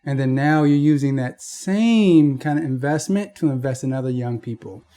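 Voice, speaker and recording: A man's voice: mid-range voice, moderate pace, mellow. A male interviewer who speaks earnestly and affirms his guest's story. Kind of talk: reflective interview commentary.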